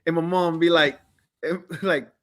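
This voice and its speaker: A man's voice: fairly high pitch, steady tone, slow. Passionate man repeating phrases for emphasis. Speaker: guest. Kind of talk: casual chat.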